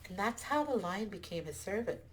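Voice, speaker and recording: A woman telling a folktale aloud, expressive with small restarts. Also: medium pitch, a little fast. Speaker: storyteller. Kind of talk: folktale storytelling.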